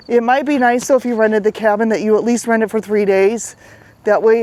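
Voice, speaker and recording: A woman's voice: fairly high pitch, darkish tone. A woman hosting a casual vlog outdoors on a riverside path. She talks to the camera while walking, a little out of breath, and often checks in with "right?". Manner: chatty, repeats itself, asks "right?". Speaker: fitness coach and vlog host. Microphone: handheld camera while walking.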